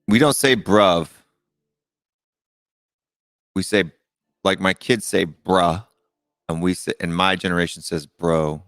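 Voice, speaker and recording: Deep-voiced man, casual rambling. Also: a bit bright, no echo, clean studio sound. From United States. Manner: rambling, halting, with many fillers and restarts. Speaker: live call-in show host. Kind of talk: casual live-stream chat.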